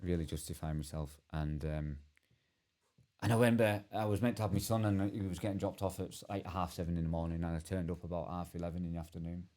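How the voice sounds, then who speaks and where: A man telling his own story as a podcast guest, earnest and halting with many restarts. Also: deep voice, steady tone, mellow. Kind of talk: candid personal storytelling.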